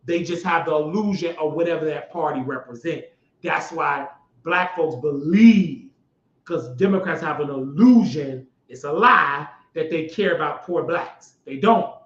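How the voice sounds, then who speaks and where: A man with a high voice hosts his own show and tears into politics in a loud, mocking rant, climbing to shouts as he gets worked up. The sound is roomy and a little dull, as if from a home setup. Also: unhurried. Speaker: show host. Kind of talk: heated political commentary.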